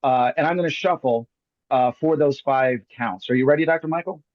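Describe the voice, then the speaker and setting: A man's voice: mid-range voice, brisk, no room sound, lo-fi sound. A man hosting a live magic show, performing a card trick over a video call with jokey, theatrical patter. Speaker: magician host.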